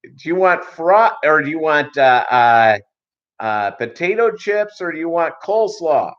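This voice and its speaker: A man voicing a loud, impatient male cashier who yells slowly at customers as if they were deaf. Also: fairly high pitch, big pitch swings, dull audio, pitched above the performer's own voice. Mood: yelling.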